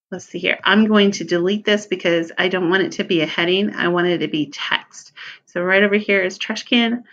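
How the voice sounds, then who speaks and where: A woman talks through a software tutorial in a relaxed, unhurried way, pausing on fillers and fixing her own slips as she goes. Her voice sits a little low for a woman. The recording is dull and lo-fi, like a basic screen-capture mic. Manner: relaxed, thinking aloud with ums and self-corrections. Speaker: teacher giving a software tutorial.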